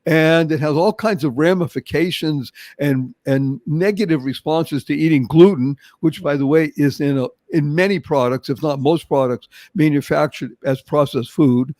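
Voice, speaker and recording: An older man from Boston with a Boston accent, hosting a motivational interview show with animated, emphatic storytelling. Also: fairly high pitch, normal speed, few pauses, dry recording. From Boston, Massachusetts. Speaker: show host.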